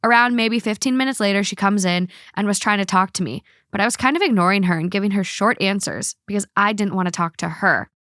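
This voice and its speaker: A woman's voice: medium pitch, fast talker, hardly any pauses, a bit bright, no echo, clean studio sound. A woman hosting a podcast, chatting casually, swearing freely and reading online posts aloud. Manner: swears freely, blunt opinions. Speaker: podcast host.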